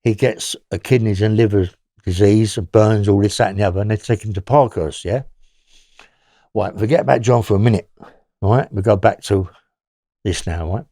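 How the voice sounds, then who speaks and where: A man's voice: lowish voice, normal speed, dark tone, no echo, clean studio sound. An older man with a London accent, bluntly recounting old prison stories in a rambling, profane way. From England. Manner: rambling, blunt, swears freely. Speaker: interview guest.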